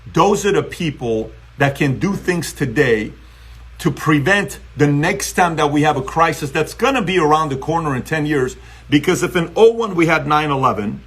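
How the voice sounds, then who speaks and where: A man's voice: fairly high pitch, a bit bright, breathy edge. A man from Iran with an Iranian accent, hosting a motivational live stream and taking callers, talking emphatically and repetitively.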